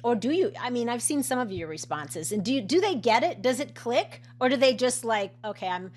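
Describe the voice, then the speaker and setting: A woman's voice: on the high side, lively intonation, a little fast, a little mellow. Woman, coach and nutritionist, casual chat, rambling restarts, laughs easily. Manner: chatty, many restarts and fillers, laughs often. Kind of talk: casual conversation.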